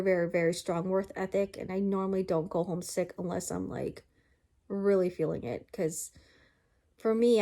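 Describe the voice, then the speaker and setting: A tired woman talks straight to the camera in a chatty, earnest vlog. Her voice sits at an ordinary middle pitch and stays upbeat and hopeful through the fatigue. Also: gravelly, darkish tone. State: tired and achy. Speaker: vlogger. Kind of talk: casual vlog talk to camera.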